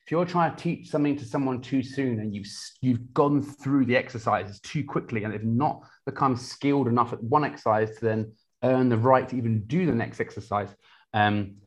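A man, a personal trainer talking casually in an interview, energetic, with many restarts. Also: mid-range voice, normal speed. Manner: energetic, many restarts, quotes clients in lively voices.

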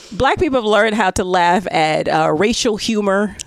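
A woman's voice: medium pitch, expressive, unhurried, gravelly, no echo. A woman co-hosting a comedy podcast, chatting casually and joking, now and then slipping into put-on voices. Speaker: podcast co-host.

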